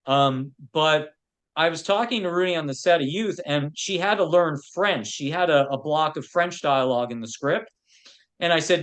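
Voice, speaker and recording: Chatty film producer full of stories. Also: male voice, a little high, moderate pace, a bit bright. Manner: anecdotal, sprinkled with "you know". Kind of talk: casual interview chat.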